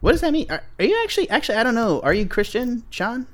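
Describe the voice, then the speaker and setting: A young man hosting a casual group podcast, animated and laughing, reading a sponsor spot and steering the talk back on topic. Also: extremely high pitch, quick pace. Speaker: podcast host.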